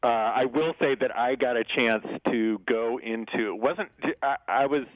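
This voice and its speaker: A man who is an actor guest in a casual interview, rambling with many restarts and quick chuckles. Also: medium pitch, dry recording, muffled recording.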